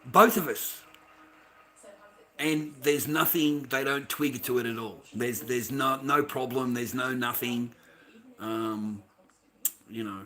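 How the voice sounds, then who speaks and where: A man's voice: medium pitch, takes it slowly, pauses often, sharp tone. A middle-aged man with an Australian accent, ranting bluntly and profanely on his livestream, often restarting his sentences. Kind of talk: casual livestream rant.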